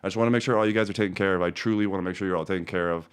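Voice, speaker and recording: A middle-aged man with a fairly low voice hosts a cannabis seed show in a loose, off-the-cuff way. He swears freely and moves between heated complaint and relaxed, friendly chat with viewers. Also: racing, clear, resonant tone. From Denver, Colorado. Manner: profane, angry ranting that turns calm and chatty. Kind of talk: casual ranting livestream talk.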